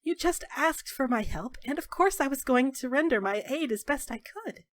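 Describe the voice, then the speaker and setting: Woman voicing a soft, weary healer woman. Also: high-pitched, expressive, normal speed, no room sound, pitched above the performer's own voice. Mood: tender. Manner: soft, hushed, tender.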